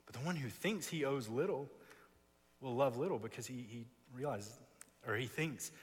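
Male preacher, husky mid-range voice, emphatic expository sermon, long chapel reverb. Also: mid-range voice, expressive, normal speed, a bit bright. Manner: emphatic, builds with repeated phrases. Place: seminary chapel.

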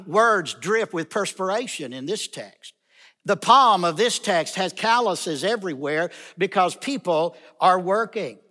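Man, preacher, high-pitched voice, emphatic sermon delivery, long chapel reverb. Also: fairly bright tone. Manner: emphatic, repeats key phrases for stress.

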